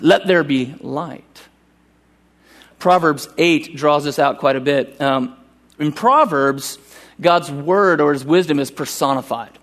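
A male pastor preaching a sermon at a church service with earnest urgency, slowing down to read scripture deliberately. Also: a little high.

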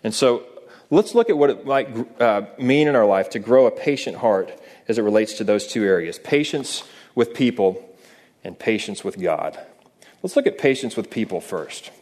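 A man's voice: fairly low pitch, animated, moderate pace, darkish tone. A man preaching a sermon in a conversational way, often asking the listeners rhetorical questions. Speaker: pastor.

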